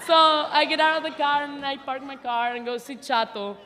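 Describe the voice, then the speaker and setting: A woman's voice: high voice, steady tone, brisk, pushed and bright, a little hiss or hum. A woman in her thirties giving a memorial speech, telling a personal story in a chatty, laughing, self-teasing way, recorded live in a large hall. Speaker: memorial speaker. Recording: hall reverb, live event.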